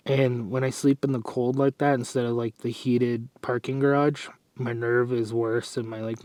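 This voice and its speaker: A man's voice: mid-range voice, darkish tone, no room sound. A young man chatting casually to camera in a fitness vlog, out of breath, rambling and sighing. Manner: rambling, self-correcting, sighs and clears throat. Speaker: fitness vlogger.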